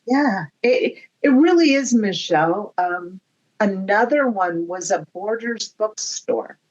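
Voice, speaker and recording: A woman's voice: mid-range voice, expressive, slow pace, darkish tone, highs cut off. A woman, a guest medium, telling rambling, chatty stories in a podcast conversation with frequent laughs.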